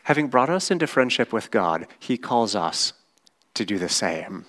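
A man preaching a sermon, teaching slowly and often checking in with his listeners with a quick "right?". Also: lowish voice, very animated, a bit bright. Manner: slow, measured teaching with frequent "right?" checks. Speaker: pastor.

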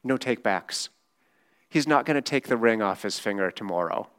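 A man's voice: lowish voice, animated, moderate pace, fairly bright tone, clean tone. A man preaching a sermon in a casual, conversational way. He is emphatic and often checks in with rhetorical questions.

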